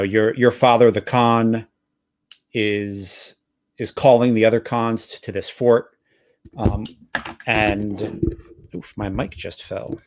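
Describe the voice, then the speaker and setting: A man with a New Jersey accent, hosting a live tabletop game and recapping the story in a halting, self-correcting way with easy laughs. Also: fairly low pitch, no room sound. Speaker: game master. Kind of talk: casual actual-play narration.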